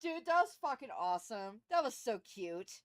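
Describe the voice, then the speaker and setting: A woman streamer reading game dialogue aloud and joking with chat, swearing freely and reacting loudly. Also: fairly high pitch, very animated, normal speed, no room sound, soft background music. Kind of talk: casual gameplay commentary.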